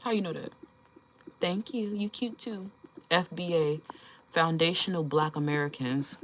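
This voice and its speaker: A young woman with a low voice hosts a casual livestream and talks straight to her viewers. She is blunt, swears freely and jokes around, laughing often. A faint hiss sits behind her. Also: steady tone, unhurried, fairly bright tone, poor audio. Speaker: livestream host.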